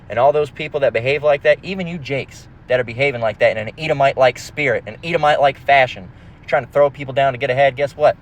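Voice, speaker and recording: A man's voice: mid-range voice, fast talker. A man preaching in a casual, emphatic, profane manner, reading scripture and rambling with restarts, recorded in a car. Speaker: religious teacher.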